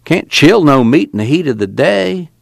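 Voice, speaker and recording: A man's voice: a little high, very animated, moderate pace, vocal fry, no room sound, clean studio sound, voice pushed up, heavily acted. A man reading aloud as a stubborn older farm uncle with a rural drawl. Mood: objecting.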